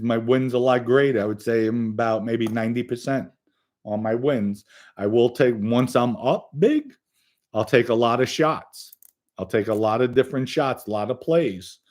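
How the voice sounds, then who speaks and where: A man's voice: mid-range voice, a little mellow. Blunt, profane man telling stories. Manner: direct address to young listeners. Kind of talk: casual storytelling.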